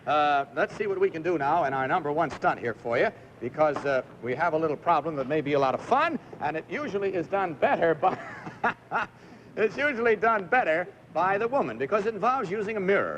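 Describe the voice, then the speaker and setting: A man's voice: high voice, fairly bright tone, slight background noise. A man hosting a live TV game show, chatty and jokey as he coaxes contestants through stunts. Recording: muffled 1950s TV broadcast audio.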